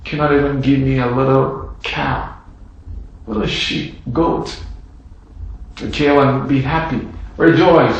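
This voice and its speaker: A man preaching a sermon in a dramatic style, acting out the characters' words and swinging between loud, raised passages and hushed ones. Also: medium pitch, steady tone, moderate pace, muffled recording. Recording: heavy room echo.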